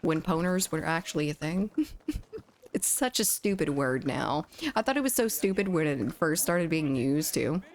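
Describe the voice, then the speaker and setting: A woman's voice: deep voice, animated, moderate pace. A young woman from the United States chatting on a gaming livestream, reading chat and laughing often, on a studio mic at home. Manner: chatty, giggly, reads chat aloud. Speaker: streamer. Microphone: studio condenser mic.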